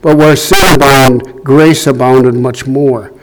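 A man preaching a sermon in a slow, deliberate way, reading scripture aloud to the room. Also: medium pitch, steady tone, rough recording. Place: church room.

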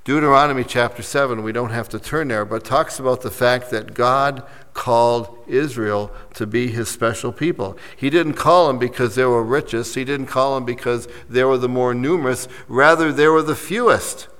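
A man preaching a sermon as pastor, rising to emphatic points and dropping softly after them. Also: medium pitch, moderate pace, hardly any pauses, clean tone. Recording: long reverb of a large hall.

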